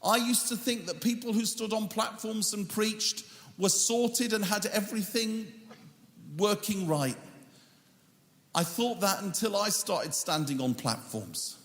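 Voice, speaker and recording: A male preacher reading scripture in a slow, measured way, breaking in with humorous asides. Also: high voice, a bit bright. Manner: reads scripture in a measured, drawn-out cadence. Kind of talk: sermon. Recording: echoey hall with long reverb.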